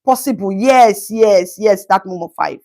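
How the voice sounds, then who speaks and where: Speaking at a measured pace in a medium-pitched voice, a woman comments on a news story during a casual live stream. She's animated, calls out viewers by name, and slips into Pidgin now and then.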